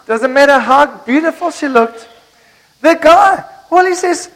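Telling stories and asking his congregation questions, a South African pastor preaches a sermon in church. His South African English comes in an extremely high, slightly bright voice with lively intonation and an unhurried pace, though the audio is poor.

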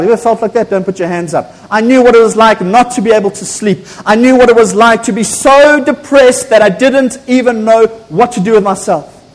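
A man, a pastor preaching an impassioned, emphatic sermon in a church. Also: high-pitched. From South Africa. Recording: echoey church hall.

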